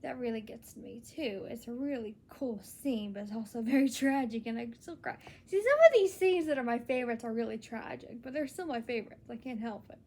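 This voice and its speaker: A woman's voice: fairly high pitch, a little fast, hardly any pauses, a little mellow. A young woman talking in a casual solo vlog, earnest and rambling, with many restarts. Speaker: vlogger.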